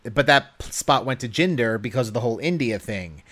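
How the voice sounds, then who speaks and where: A man's voice: mid-range voice, lively intonation, fairly quick, a bit bright. A man co-hosting a podcast, talking casually and rambling with many fillers. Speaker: podcast co-host. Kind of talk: casual chat.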